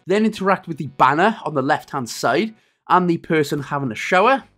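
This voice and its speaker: A man in his thirties narrating a game walkthrough in a casual, rambling, joking way, his voice going a little hoarse. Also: a little high, lively intonation, fairly quick, fairly bright tone. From Wales. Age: 30s. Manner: jokey, rambling, self-deprecating asides. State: losing his voice a bit. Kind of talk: casual gameplay walkthrough commentary.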